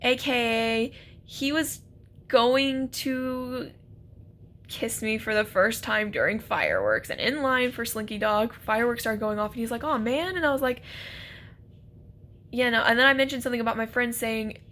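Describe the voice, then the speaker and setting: A young woman telling a casual, animated story about a first date, laughing and acting out quotes. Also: fairly high pitch, moderate pace, a little hiss or hum. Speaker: vlogger.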